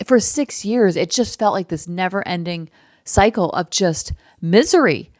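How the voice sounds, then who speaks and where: A woman in her thirties hosting a podcast, talking candidly and emotionally in a casual personal monologue with quick asides. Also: lowish voice, expressive, darkish tone, no echo, studio quality. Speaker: podcast host.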